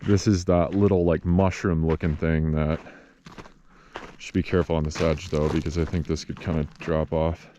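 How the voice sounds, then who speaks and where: A man from Wisconsin vlogging outdoors in the desert, out of breath and telling a story in a rambling, low-key way. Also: little pitch movement, normal speed, warm tone, highs cut off, slight background noise. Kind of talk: casual vlog narration.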